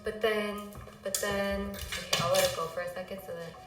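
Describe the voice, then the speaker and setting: A woman's voice: mid-range voice, steady tone, normal speed. A woman streamer chatting casually while sick and out of breath, rambling, apologizing and getting sidetracked. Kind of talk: casual livestream chat. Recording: echoey room, faint music behind.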